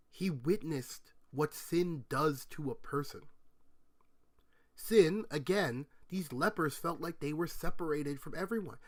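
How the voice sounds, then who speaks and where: A man teaching a conversational Bible lesson, retelling stories and explaining them step by step with rhetorical questions. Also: a little high. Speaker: Bible speaker answering questions.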